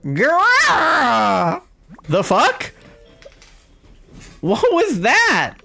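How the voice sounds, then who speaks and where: A woman streaming a game live, reacting out loud with excited exclamations and casual swearing. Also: lowish voice, takes it slowly, faint music behind. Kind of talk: live gameplay commentary.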